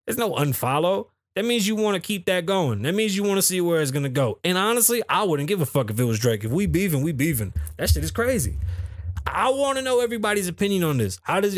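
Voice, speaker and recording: Man, podcast host, animated, profane, slightly high voice, dry close studio mic. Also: no echo. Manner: animated, profane, rapid swings between loud and low. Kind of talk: solo livestream podcast commentary. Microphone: studio microphone.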